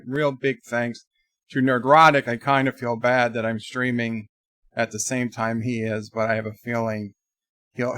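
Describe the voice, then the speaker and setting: A man's voice: mid-range voice, a bit bright, no room sound, studio quality. A man hosting a casual live stream, rambling between topics and reading viewer chat aloud.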